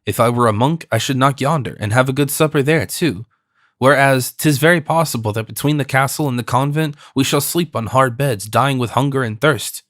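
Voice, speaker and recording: A quick-tempered young Gascon swordsman, defiant and full of mockery, read by a man in an audiobook. His voice sits at a middle pitch and sounds dry and close. He gives threats with easy scorn. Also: fairly bright tone, no room sound, close to an everyday voice. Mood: wry. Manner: defiant, mocking. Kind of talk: audiobook character reading.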